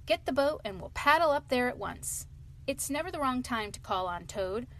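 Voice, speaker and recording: A cheerful male water rat from a storybook, as a woman reads him aloud. He sounds brisk and lively, with a little lift in pitch. There is a faint hiss of noise under the voice.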